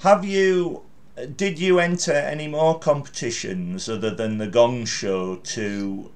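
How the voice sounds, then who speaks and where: A man's voice: medium pitch, unhurried. A middle-aged man hosting a podcast interview, chatty and encouraging, with frequent fillers. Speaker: podcast host. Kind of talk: casual interview.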